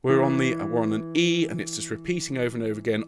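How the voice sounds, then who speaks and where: A man's voice: medium pitch, lively intonation, fast, over music. A man leading a tenor choir rehearsal online, explaining notes and counting the singers in, encouraging. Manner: encouraging, counts in and sings phrases as examples.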